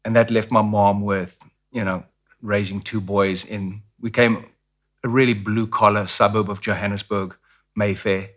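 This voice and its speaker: A man's voice: fairly low pitch, level tone, a little slow, fairly bright tone. A middle-aged man with a South African accent, telling stories as a guest in a casual interview. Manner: storytelling, acts out quoted voices.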